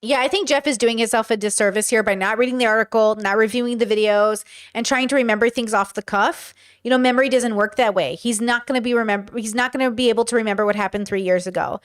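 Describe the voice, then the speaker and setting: High-voiced woman in blunt casual commentary. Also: steady tone, fast. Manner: chatty, blunt, swears freely. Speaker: podcast host reacting to a clip. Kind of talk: casual commentary, reading chat.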